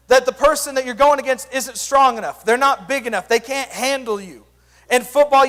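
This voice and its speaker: Young man, youth pastor, very high voice, lively joking sermon, long hall reverb. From Sand Springs area, US. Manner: energetic, joking storyteller.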